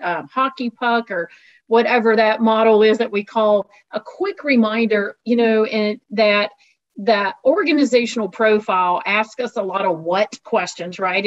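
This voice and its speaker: A woman co-presenting a webinar over a video call with her camera off, explaining a framework briskly and asking rhetorical questions. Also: medium pitch. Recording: muffled video-call audio.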